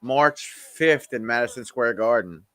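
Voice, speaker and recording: A man's voice: mid-range voice, a little slow, pushed and bright, no room sound. A man doing live watch-along commentary on a wrestling show, wisecracking offhand and talking to viewers in the chat.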